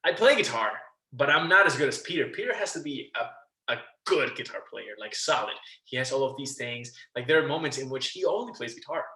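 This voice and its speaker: Guy animated storyteller on a podcast, bright tense voice, roomy echo, swears a lot. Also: medium pitch, a little fast. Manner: animated storyteller, acts out quotes, swears and laughs. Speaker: guest, musical theatre actor. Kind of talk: casual interview chat.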